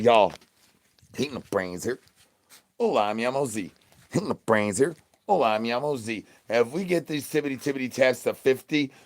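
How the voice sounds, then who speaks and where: A man, streaming in a goofy, rambling patter full of nonsense words and catchphrases. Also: mid-range voice. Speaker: streamer in zombie persona.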